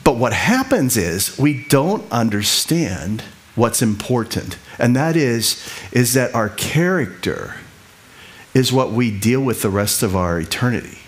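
A middle-aged man preaching in a loose, conversational style. His voice sits at an ordinary pitch, and he often repeats a phrase before moving on. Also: sing-song. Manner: conversational, repeats himself, quick asides and laughs. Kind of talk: sermon teaching.

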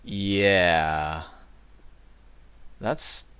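A man's voice: low voice, fairly even intonation, very slow, bright, forceful tone, smooth. A man playing a tabletop role-playing game, talking hesitantly with many fillers and casual swearing. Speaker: tabletop player.

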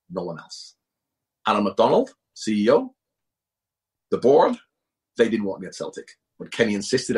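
Male interview guest, very husky, animated storyteller who hammers his points. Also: fairly low pitch. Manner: emphatic, repeats himself, animated. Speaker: guest, former footballer and coach. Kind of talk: conversational interview.

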